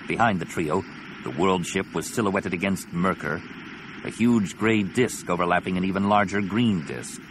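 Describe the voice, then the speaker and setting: Deep-voiced man narrating an audiobook. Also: background noise. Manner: dramatic, expressive reading.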